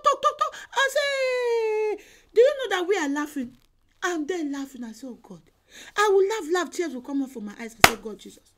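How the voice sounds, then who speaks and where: A woman evangelist preaching a sermon over an online call, emphatic and exhorting, repeating her phrases and sometimes bursting into shouts. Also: very high-pitched, big pitch swings, normal speed.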